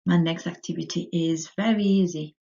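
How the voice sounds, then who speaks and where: A woman teaching a French lesson to young children, saying words slowly for them to repeat, her pitch rising on each French word. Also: fairly even intonation, creaky, dark tone. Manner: slow, drilling words for repetition, rising on French words. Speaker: primary school French teacher. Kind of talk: recorded remote lesson for children. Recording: dull lo-fi audio.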